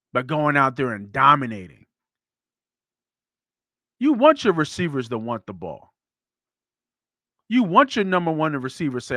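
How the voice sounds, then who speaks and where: A man hosting a sports podcast, talking football in a blunt, animated way that swears freely. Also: medium pitch, measured pace, long pauses, no room sound, clean studio sound. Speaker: podcast host. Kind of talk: casual sports talk.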